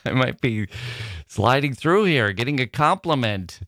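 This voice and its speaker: A man's voice: mid-range voice, expressive, slow pace, a bit bright, dry recording, clean studio sound. A man hosting a literary podcast, playful and theatrical, often laughing at himself, with a voice a listener called squirrel-like. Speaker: podcast host.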